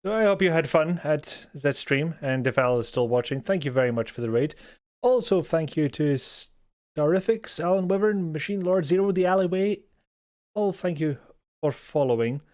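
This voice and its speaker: A man's voice: a little high, lively intonation, moderate pace, a little mellow. A man with a Scottish accent chatting casually to viewers as a game streamer, rambling and self-mocking and chuckling often, at a home streaming setup on a desk microphone. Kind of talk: casual live-stream chat.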